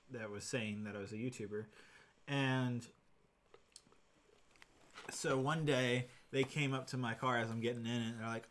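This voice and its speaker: A man's voice: medium pitch, fairly bright tone, a little hiss or hum. A man in his twenties hosting a livestream, telling a rambling story with lots of fillers. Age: 20s. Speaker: livestream host. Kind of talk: casual livestream chat.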